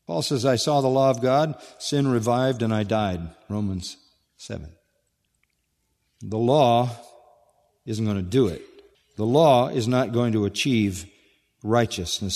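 A man delivers an expository sermon from the pulpit, repeating his key phrases and putting questions to the congregation. His voice climbs to emphatic high stresses and then sinks almost to a hush. It carries a long hall reverb, as if heard in a church sanctuary. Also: animated, a little slow. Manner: emphatic, rising to high stresses then dropping to a hushed low. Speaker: pastor.

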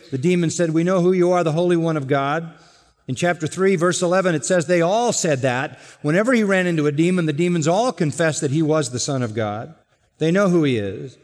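A man preaching an expository sermon, earnest and emphatic, slowing to stress key words. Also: fairly high pitch, darkish tone. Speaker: pastor. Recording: long hall reverb.

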